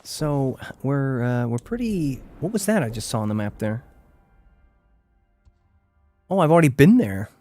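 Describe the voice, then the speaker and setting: A man's voice: medium pitch, big pitch swings, measured pace, pauses often, darkish tone, soft background music. A man streaming a game live, chatting casually and rambling with lots of "like" as he plays. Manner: chatty, rambling, heavy use of "like". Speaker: gaming streamer. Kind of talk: casual live gameplay commentary.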